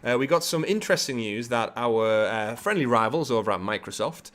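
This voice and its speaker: A man's voice: medium pitch, expressive, brisk, a bit bright. Chatty man hosting a gaming podcast. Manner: chatty, many ums and uhs, jokey. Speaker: podcast host reading the news. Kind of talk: casual live podcast chat.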